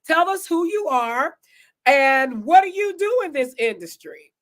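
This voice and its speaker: A high-voiced woman hosts a casual online conversation. She talks in a chatty, animated way, speaking straight to her audience over a video call. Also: measured pace. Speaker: host. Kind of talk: casual live-stream chat.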